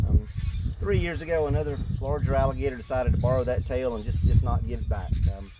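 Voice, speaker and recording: A man keeping alligators, explaining them in a relaxed, joking way during an outdoor feeding demonstration. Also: mid-range voice, fast. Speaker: alligator park keeper. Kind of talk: casual live animal feeding demonstration. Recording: noisy outdoor recording.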